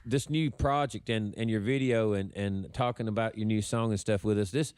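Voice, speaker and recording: A man's voice: lowish voice, steady tone, normal speed, a little mellow, a little hiss or hum. A man hosting a podcast, talking in a rambling, thankful way with plenty of restarts. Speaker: podcast host. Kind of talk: casual podcast chat.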